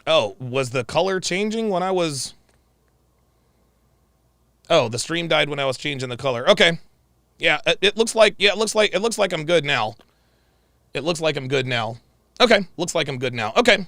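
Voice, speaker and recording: A man hosting a livestream, telling a story in an animated, emphatic way and repeating his points. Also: on the high side, moderate pace, long pauses, no echo, clean studio sound. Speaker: livestream host. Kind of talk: livestream commentary.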